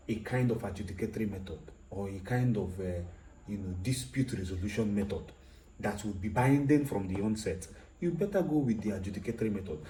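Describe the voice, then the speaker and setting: Man lecturing in a mellow, echoey voice. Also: mid-range voice. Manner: explanatory, repeats points, asks rhetorical questions. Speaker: law lecturer. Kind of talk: recorded lecture.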